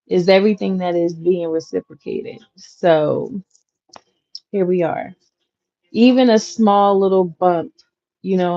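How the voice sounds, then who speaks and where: A woman in her thirties hosting her own channel, chatting casually with viewers in a relaxed, slangy way with lots of fillers. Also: fairly low pitch, gravelly. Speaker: content creator, channel host. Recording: dull lo-fi audio. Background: clacking noise.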